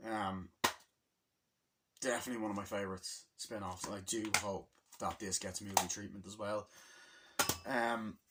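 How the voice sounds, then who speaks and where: A man's voice: fairly low pitch, steady tone, unhurried, pauses often, heavy background noise. A man casually reviewing a movie on video, rambling, swearing and losing his train of thought.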